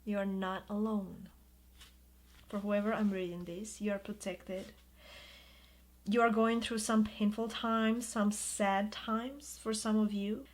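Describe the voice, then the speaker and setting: A woman giving an intuitive tarot reading in a soft, soothing way, drawing out her words of reassurance. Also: medium pitch, steady tone, a little slow. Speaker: tarot reader.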